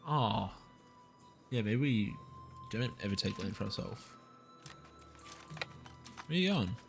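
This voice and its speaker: A man's voice: lowish voice, animated, slow, creaky. A young Australian man with an Australian accent, rambling casually and upbeat while streaming a strategy game and chatting with viewers. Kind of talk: casual live-stream gameplay chat. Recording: faint music behind the voice. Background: faint background music.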